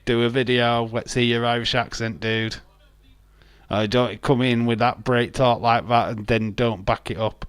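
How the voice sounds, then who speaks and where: A man's voice: medium pitch, flat delivery, unhurried, smooth, no echo. A man hosting a live stream, chatting casually, reading out chat messages and teasing viewers with frequent laughs. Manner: jokey, teasing, laughs often.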